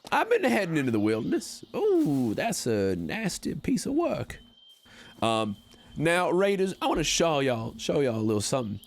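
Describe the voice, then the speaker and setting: A man's voice: on the high side, wildly swooping pitch, moderate pace, pitched above the performer's own voice, heavily acted. A man putting on a sly cowboy conman drawl. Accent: American Old West drawl, put on. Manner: folksy drawl, theatrical, sly. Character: smooth-talking male cowboy conman, folksy and sly. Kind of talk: in-character game streaming.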